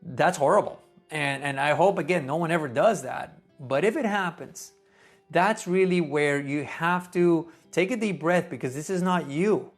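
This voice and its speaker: A man, a neonatologist, giving earnest, conversational teaching advice in a gentle tone. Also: a little high, normal speed, faint music behind. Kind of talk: casual teaching talk.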